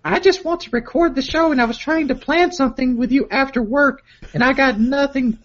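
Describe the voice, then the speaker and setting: Guy putting on a high girly voice for a short-tempered young woman, flat and clipped, lo-fi. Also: fairly quick, natural voice. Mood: curt. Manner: flat clipped replies in a falsetto. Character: texting young woman, curt and evasive.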